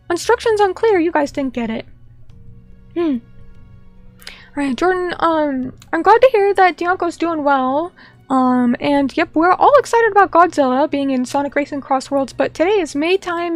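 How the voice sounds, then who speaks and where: A VTuber streamer with a high-pitched voice chats casually at home, reading viewer comments aloud in a playful, teasing way and sometimes acting mock-indignant. The recording is dry.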